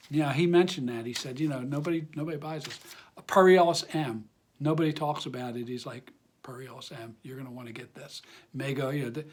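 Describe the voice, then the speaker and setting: A man hosting a fragrance channel, talking casually to camera in a friendly, rambling way with many fillers and restarts. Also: fairly high pitch. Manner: friendly and enthusiastic.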